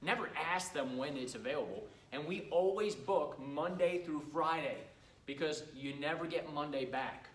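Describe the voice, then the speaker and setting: A man's voice: fairly high pitch, moderate pace, echoey room, distant mic, poor audio. A middle-aged man running a cleaning business gives a casual training talk to a live audience, telling stories and acting out customers' lines. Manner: chatty storyteller who acts out customers' lines.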